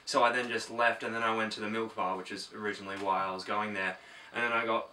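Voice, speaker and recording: A man's voice: lowish voice, fairly even intonation, fast, pushed and bright, roomy sound, slight background noise. A young man playing an oblivious young man who rambles on in a one-sided chat, muttered and self-absorbed. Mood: rambling. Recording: distant from the mic.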